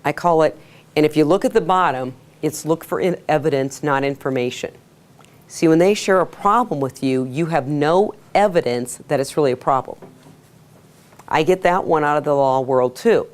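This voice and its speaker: A woman teaching a sales workshop to a live audience, energetic, asking the room questions and acting out quotes. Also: sits low, normal speed. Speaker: sales trainer. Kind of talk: workshop lecture.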